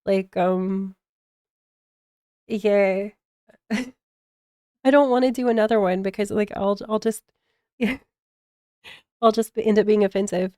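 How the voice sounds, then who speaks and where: Smooth-voiced American woman chatting. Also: medium pitch, steady tone, mellow, dry recording, studio quality. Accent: General American. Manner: halting, many fillers, frequent laughs. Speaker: streamer. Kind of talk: casual stream chat.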